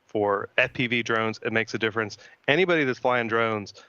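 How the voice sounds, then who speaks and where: A man's voice: mid-range voice, a little fast, smooth, no echo, dull audio. A man on a live stream panel, telling drone stories with animation and urging viewers to get involved. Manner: animated storyteller, urges viewers to act.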